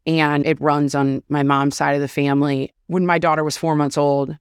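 A woman's voice: deep voice, flat delivery, normal speed, clear, resonant tone, dry recording, clean studio sound. A woman in her thirties, a podcast guest, talking openly and casually about motherhood, with lots of "like". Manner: open, confessional, says "like" often. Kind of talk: candid casual chat.

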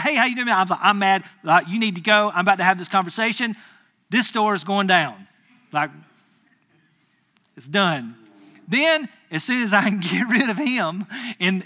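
A man in his thirties, a pastor, telling a personal story in a sermon and acting out his own angry lines. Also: high voice. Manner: animated, acts out his own anger in quoted lines.

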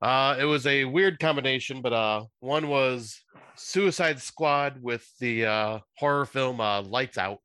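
Unhurried and clear, a thirtysomething man co-hosts a podcast in a medium-pitched voice that is sharp yet resonant, with no room sound. His chat is easygoing and rambling, sprinkled with plenty of "uh" fillers.

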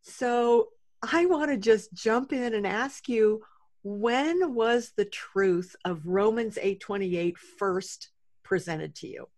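A woman's voice: mid-range voice, slow, darkish tone. A woman hosting a faith podcast, introducing her guest and asking questions in an effusive way. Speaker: podcast host.

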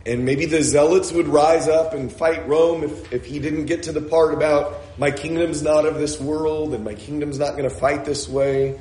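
A man preaching in a church meeting room, his slightly raised voice carrying a roomy echo. He reads Scripture passages and then explains them in a loose, conversational way, pausing with "uh" and correcting himself as he goes. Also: fairly high pitch, steady tone, darkish tone. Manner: conversational, with frequent "uh" and self-corrections. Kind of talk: sermon with Scripture reading.

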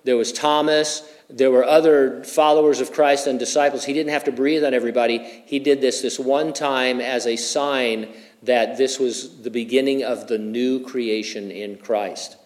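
A man's voice: medium pitch, steady tone, moderate pace, a little mellow. A middle-aged man preaching a verse-by-verse sermon, conversational in tone with humorous personal asides. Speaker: pastor. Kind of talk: expository sermon.

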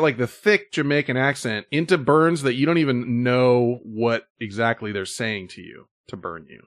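A man's voice: medium pitch, a bit bright, dry recording. Rambling male podcast host, dry sound. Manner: rambling, filler-heavy storytelling. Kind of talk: casual chat.

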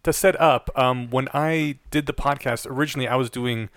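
A man's voice: mid-range voice, fairly even intonation, a little fast, a bit bright, no echo, studio quality. A man co-hosting a podcast, telling a story in a chatty way with easy laughter and many restarts. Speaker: podcast co-host. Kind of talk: casual podcast chat.

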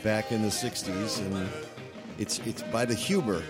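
Chatty low-voiced male radio host. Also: steady tone, unhurried, over music. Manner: chatty, rambling with restarts. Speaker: radio talk show host. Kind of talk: casual radio talk.

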